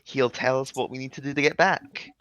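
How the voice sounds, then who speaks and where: A man's voice: medium pitch, steady tone, brisk, fairly bright tone, no room sound, lo-fi sound. Casual joking male player. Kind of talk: casual tabletop play.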